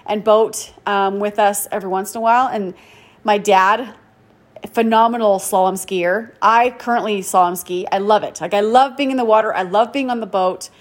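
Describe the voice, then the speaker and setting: A woman in her forties telling a personal story in a chatty, self-deprecating way, full of "like" and quick laughs. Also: medium pitch, steady tone. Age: 40s. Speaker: podcast host. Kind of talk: casual storytelling monologue.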